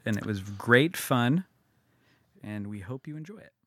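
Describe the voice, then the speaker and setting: A man's voice: medium pitch, animated, a little slow. A man co-hosting a podcast, chatting casually in a teasing, jokey way. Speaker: podcast co-host. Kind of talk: casual chat.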